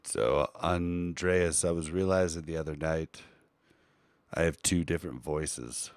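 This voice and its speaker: A man co-hosting a live podcast in casual chat, animated and shifting between his deeper everyday voice and a lighter, softer one. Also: measured pace, clear, resonant tone, dry recording, clean studio sound. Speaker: podcast co-host and streamer.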